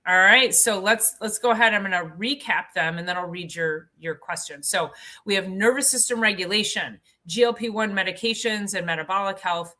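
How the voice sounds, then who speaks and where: A woman's voice: medium pitch, normal speed, pushed and bright. A woman hosting a live health show, chatting through questions and telling stories with lots of fillers. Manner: chatty, enthusiastic, many fillers. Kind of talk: live Q&A and personal storytelling.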